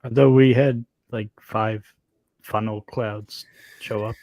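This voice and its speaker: A man from Canada joining a casual live chat, answering in short, quiet bits. His voice sounds dry and close, with no room sound at all. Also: fairly low pitch, fairly even intonation, takes it slowly, no echo, low-quality recording.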